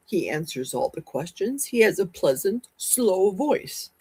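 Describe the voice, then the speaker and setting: A middle-aged woman hosting a casual livestream, talking fast and rambling from one topic to the next. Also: mid-range voice, big pitch swings, a little mellow, husky, no echo. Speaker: livestream host.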